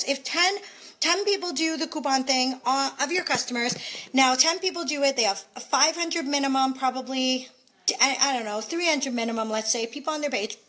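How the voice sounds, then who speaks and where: A woman's voice: sits high, a bit bright, low-quality recording. A woman from Canada chatting casually into her phone, sharing recruiting tips with many fillers. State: out of breath. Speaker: direct sales team leader. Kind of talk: casual live video chat.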